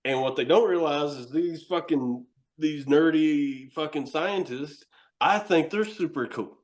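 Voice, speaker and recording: Excitable, profane man. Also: a little high, unhurried. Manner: excitable, profane storyteller, laughs often. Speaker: horror host and wrestler. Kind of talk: casual podcast chat.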